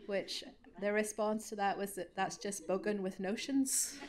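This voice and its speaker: A woman's voice: mid-range voice, fairly even intonation, measured pace. A woman with a Northern Irish Ballymena accent, an author answering questions at a study day in a chatty, self-deprecating way with lots of asides. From Northern Ireland. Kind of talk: conversational Q&A answer.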